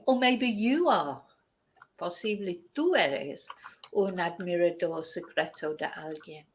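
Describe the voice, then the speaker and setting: A woman teaching vocabulary in a bilingual lesson, slowly repeating words to drill their pronunciation. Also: mid-range voice, fairly bright tone, poor audio. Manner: slow, careful pronunciation drills. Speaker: language teacher.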